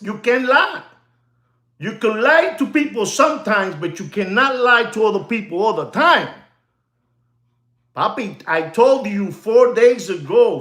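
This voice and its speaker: A man's voice: sits high, a bit bright, echoey room. A man hosting a livestream as a watch dealer, ranting emphatically, repeating himself and dropping Spanish phrases.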